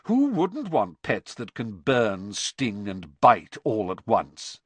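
A man's voice: a little high, very animated, takes it slowly, no echo, pitched above the performer's own voice, exaggerated voice. A man voicing a disdainful schoolboy who speaks in a cold, sarcastic drawl. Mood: sneering.

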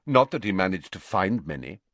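A man plays an aloof teenage boy from a storybook, low and level, flat with disdain. He speaks in cool, clipped phrases. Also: fairly quick, no room sound. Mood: cold. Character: cold, haughty teenage wizard boy.

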